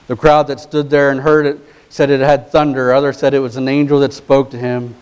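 A male pastor delivering a sermon, moving from hushed, low passages to rising, emphatic exhortation, stressing key words slowly and deliberately. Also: level tone, clear, resonant tone, rough recording.

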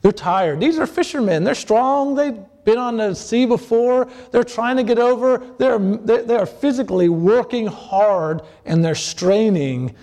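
Male preacher, high pitch, hesitant delivery, recorded in a reverberant hall. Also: darkish tone. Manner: halting, many fillers and restarts; acts out quoted voices. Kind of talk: sermon.

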